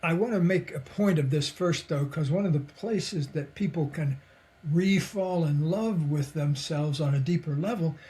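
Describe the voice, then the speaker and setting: A man's voice: on the high side, normal speed, darkish tone. Older man telling stories with chuckles. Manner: reflective, chuckles often, acts out quoted voices. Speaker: podcast guest, psychologist and author. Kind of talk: relaxed conversational storytelling.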